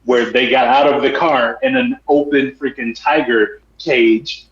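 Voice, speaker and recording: A man in casual podcast chat, recounting a story in a matter-of-fact, deadpan way. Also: mid-range voice, a little slow, a crowd in the background. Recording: roomy, dull lo-fi sound.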